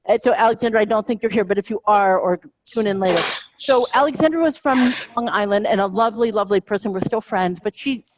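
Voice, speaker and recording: A woman's voice: medium pitch, fast talker, slight background noise, low-quality recording. A middle-aged American woman comedian telling stories in a casual interview, rambling and self-interrupting, laughing often. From United States. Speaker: comedian guest.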